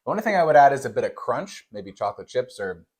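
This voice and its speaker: A young man gives a casual on-camera taste test. He delivers mock-serious verdicts, hesitating with fillers while his pitch jumps up and down. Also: quick pace, slightly rough. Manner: playful mock-serious judging, with frequent fillers and lively pitch swings. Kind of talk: casual on-camera food review.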